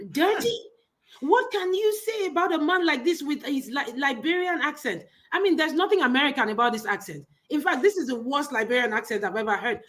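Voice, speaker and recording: A woman with a Nigerian accent, co-hosting a casual gossip chat, talking emphatically and mockingly and repeating words. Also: high voice. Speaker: co-host.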